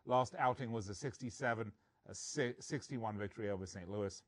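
A man hosting a sports betting podcast, reading stats and teasing his co-host in casual chat. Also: lowish voice. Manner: joking, reads stats quickly.

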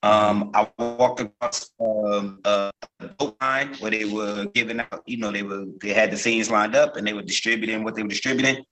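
A man from Newark chats as a guest actor in a casual podcast interview. His voice sits a little low but sounds bright and forward. He rambles, with plenty of ums, restarts and "you know"s. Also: normal speed, soft background music, poor audio. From Newark, New Jersey. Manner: relaxed storytelling with many fillers and restarts.

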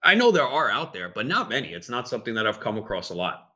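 A man in casual podcast chat, animated and argumentative. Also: medium pitch, fast talker, lo-fi sound.

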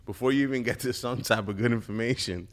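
A man's voice: medium pitch, quick pace. A young man chatting casually as a guest, laid-back and joking. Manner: laid-back, joking, says "you know" a lot. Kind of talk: casual interview chat.

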